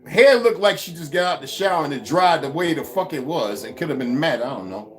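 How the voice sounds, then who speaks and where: A man's voice: brisk, a little hiss or hum. A man delivering a heated, profane vlog rant full of mockery and swearing. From United States. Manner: heated, swearing, mocking, lively swings in pitch. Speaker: vlogger. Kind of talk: profane ranting monologue.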